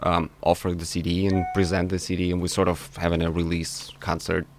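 A man's voice: low voice, completely flat delivery, brisk. A man, a guest musician, talking in a casual interview in a friendly, eager way.

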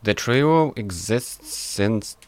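A man with a very deep voice joins an interview as a guest musician. He answers in a friendly, eager way. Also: expressive, drawn-out words, dry recording. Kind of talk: casual interview.

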